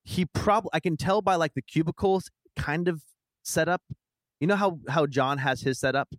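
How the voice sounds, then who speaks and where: A man co-hosting a casual chat, telling a story in a relaxed, easygoing way. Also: a little high, normal speed, no echo.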